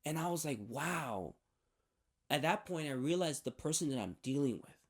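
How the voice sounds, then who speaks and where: A man's voice: a little high, fast. A young man telling a personal faith story in a rambling, hesitant way, full of restarts and fillers. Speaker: vlogger sharing a faith testimony.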